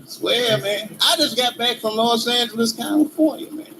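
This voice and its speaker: A man performing a stand-up comedy routine in role-play, with animated, profane storytelling and frequent laughter. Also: very high voice, normal speed, background noise.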